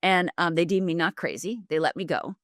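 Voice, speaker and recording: A woman's voice: fairly low pitch, fairly quick, a bit bright, no echo, clean studio sound. A middle-aged woman from Upper Michigan, a life coach and guest, telling her story candidly and vividly, acting out the lines of the people in it. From Upper Michigan, USA. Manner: vivid, dramatic retelling with acted-out quotes.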